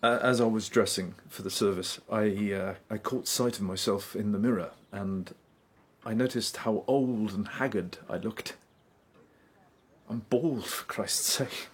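A man as a low, hesitant aging bridegroom. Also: measured pace, a little hiss or hum, lightly acted. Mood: anxious. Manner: hesitant, self-deprecating. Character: aging, self-doubting bridegroom. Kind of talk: stage or radio play acting.

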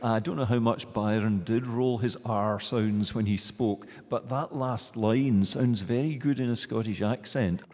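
A man speaking as a guest scholar in a discussion, thoughtful and halting, with frequent restarts. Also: fairly low pitch, fairly even intonation, darkish tone, in a large hall.

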